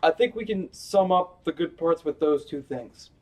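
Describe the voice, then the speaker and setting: Higher-voiced man, a bit off-mic. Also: animated, normal speed, distant mic, poor audio. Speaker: podcast co-host. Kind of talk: casual movie review chat.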